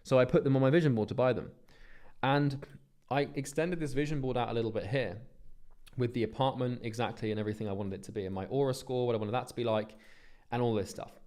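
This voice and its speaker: A man's voice: mid-range voice, fast, a little mellow. Blunt, earnest man. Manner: earnest, blunt, swears freely, repeats and restarts. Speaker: business coach. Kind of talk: motivational vlog monologue.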